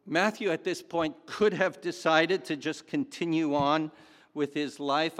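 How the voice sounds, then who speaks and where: A man's voice: fairly high pitch, fairly even intonation, unhurried, a bit bright. A man preaching a sermon in a chatty, storytelling way with fillers and asides. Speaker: pastor. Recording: long hall reverb.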